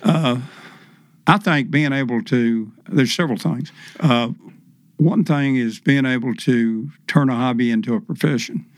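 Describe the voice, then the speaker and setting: An older man, a professional fisherman as podcast guest, telling folksy stories slowly with plenty of fillers and acted-out quotes. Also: medium pitch, no room sound. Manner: folksy, unhurried, many fillers, acts out quotes. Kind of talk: casual storytelling interview.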